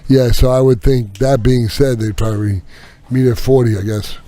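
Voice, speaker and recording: A man hosting a casual podcast, talking in an excitable, stammering, jokey way. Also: medium pitch, normal speed. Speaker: podcast host. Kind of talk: casual chat.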